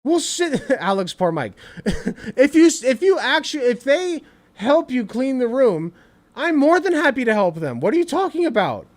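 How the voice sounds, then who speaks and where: A man streaming reaction commentary, ranting in an animated, exasperated way with lots of swearing. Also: very high voice, moderate pace.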